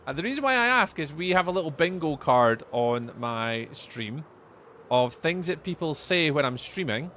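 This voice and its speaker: A man's voice: on the high side, lively intonation, moderate pace, sharp tone, a little hiss or hum. A man with a Scottish accent giving chatty live gameplay commentary as a streamer, answering viewers' chat messages aloud. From Scotland. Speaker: livestreamer.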